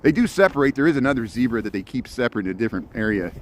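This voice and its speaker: A man walks through a snowy outdoor zoo and chats into his phone as he films. He talks casually and laughs easily, often turning to answer his viewers. A faint outdoor hum sits behind his voice, and his pitch stays in an ordinary middle range. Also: lively intonation, very fast. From Chicago area. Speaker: live-streaming walker. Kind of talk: casual live-stream chat.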